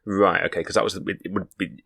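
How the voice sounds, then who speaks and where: A man co-hosts a relaxed podcast chat in a very deep voice. He talks freely and teases his co-host. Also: quick pace, creaky, husky. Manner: chatty, teasing. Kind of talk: casual chat.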